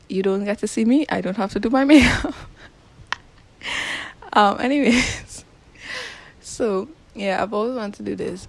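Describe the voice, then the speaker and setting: A woman's voice: medium pitch, gravelly. A young woman hosting a casual podcast on a phone mic, rambling and self-deprecating, dropping into whispered asides. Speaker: podcast host. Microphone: phone in a sock.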